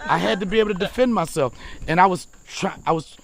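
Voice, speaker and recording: A high-pitched man hosts a podcast in casual chat. He tells rowdy, profane stories at full volume and breaks into laughter often. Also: fast, creaky. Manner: loud, profane storytelling with frequent laughs. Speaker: podcast host.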